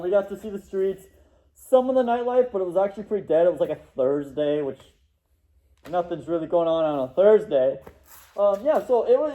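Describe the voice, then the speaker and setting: A man's voice: high voice, dark tone. A young man casually telling a rambling story, laughing and acting out what people said. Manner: rambling, laughing, acts out quotes.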